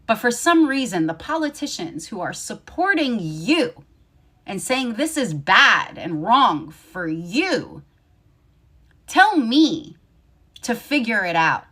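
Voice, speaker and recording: A woman's voice: mid-range voice, very animated, measured pace, pushed and bright. Sarcastic woman giving mock sympathy. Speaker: commentator in a played video. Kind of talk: opinion commentary.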